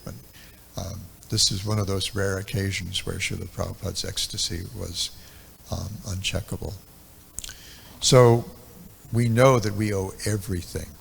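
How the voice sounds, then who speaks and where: Low gravelly older man reminiscing. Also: steady tone, slight background noise. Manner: reflective storytelling, unhurried, many ums and uhs. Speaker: temple speaker. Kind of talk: reminiscing devotional lecture.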